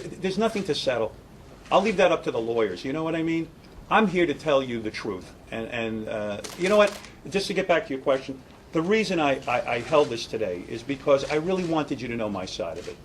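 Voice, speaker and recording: A man's voice: on the high side, a little hiss or hum, low-quality recording. A middle-aged man, a radio broadcaster, giving an indignant, sarcastic statement and taking questions at a press conference.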